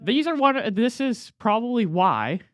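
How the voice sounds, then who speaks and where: A teenage boy telling a casual personal story, acting out the dialogue with quick voice changes. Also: extremely high pitch, no echo, studio quality. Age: teens. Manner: animated, acts out dialogue with quick voice shifts. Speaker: student storyteller.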